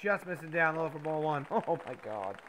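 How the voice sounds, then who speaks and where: High, bright-voiced man calling game play-by-play. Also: moderate pace, slight background noise. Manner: excitable, bursts of loud enthusiasm. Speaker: video game commentator. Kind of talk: mock play-by-play commentary.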